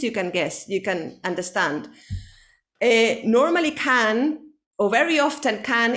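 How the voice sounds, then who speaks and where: A woman whose first language is Spanish, teaching English to a single student online. She explains slowly, checks in with a frequent "okay?" and slips into Spanish for quick clarifications. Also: on the high side, a bit bright. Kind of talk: online one-to-one English lesson.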